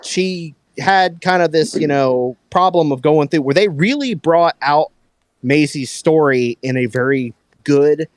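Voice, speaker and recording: A man on a headset mic, hosting a casual movie talk and acting out quotes with lively energy. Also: a little high, unhurried, no echo. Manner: animated, acts out quotes, talks to his dog. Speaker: podcast host.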